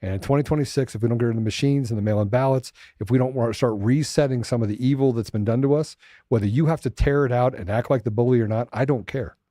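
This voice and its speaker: A man's voice: mid-range voice, fast talker, dark tone, no echo, studio quality. A man hosting a political commentary show, ranting with mocking asides. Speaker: host.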